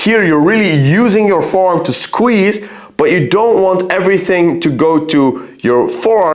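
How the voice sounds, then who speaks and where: A man's voice: fairly high pitch, roomy sound. A man talking casually to camera about his own training, earnest and thinking aloud as he points to his arms. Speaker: fitness vlogger. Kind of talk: casual explanatory talk to camera.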